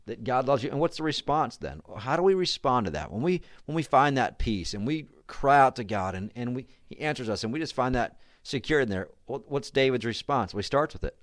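An earnest male pastor gives a devotional talk in a plain, middle-pitched voice, doubling back on words as he goes. The recording is dry and close, with almost no room sound. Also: no echo. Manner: earnest, repeats words, restarts often. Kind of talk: devotional sermon.

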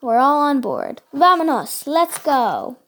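A woman reading the lines of a cheerful young girl explorer from a storybook, bright and eager. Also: high voice, sing-song, slow pace, exaggerated voice. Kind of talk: storybook read-aloud.

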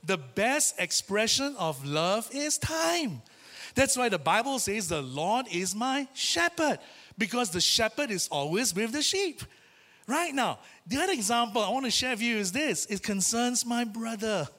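A man preaching a sermon in a church, telling a personal story in a lively, chatty way and acting out the voices he quotes. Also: very high-pitched, moderate pace. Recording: reverberant church hall.

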